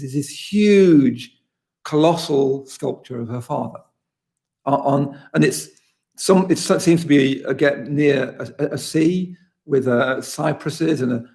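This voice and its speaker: A man with a British accent, a poet leading a session, reading a poem slowly and then discussing it in quick, animated bursts. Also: fairly high pitch, vocal fry. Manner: reads slowly and deliberately, then talks fast and animated. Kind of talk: poetry reading and talk.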